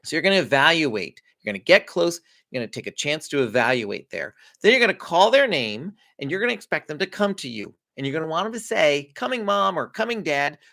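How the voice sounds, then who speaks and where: A man giving a conversational parenting lesson, explaining steps in a relaxed, chatty way with frequent small laughs. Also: a little high, fast, gravelly, hardly any pauses. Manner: lively, conversational, laughs often. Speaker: parenting coach. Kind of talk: instructional talk to parents.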